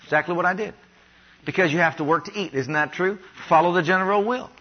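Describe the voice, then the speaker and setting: Male preacher from Ohio, high voice, leads call-and-response declarations; dull lo-fi recording. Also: fast talker. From Ohio, USA. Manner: has the congregation repeat declarations after him; rises louder and higher on repeated declarations. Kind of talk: sermon. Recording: dull lo-fi sound.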